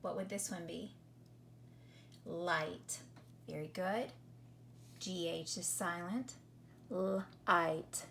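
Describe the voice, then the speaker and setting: A woman teaching a phonics lesson to children, patient and questioning, sounding out each word slowly. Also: medium pitch, creaky, a little hiss or hum.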